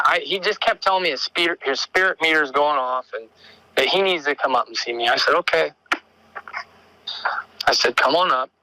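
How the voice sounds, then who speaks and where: A man with a medium-pitched voice calls in to tell an encounter story, heard in a low-quality recording with no room sound. His casual speech rambles and halts, full of restarts and fillers, growing excited and urgent as events unfold.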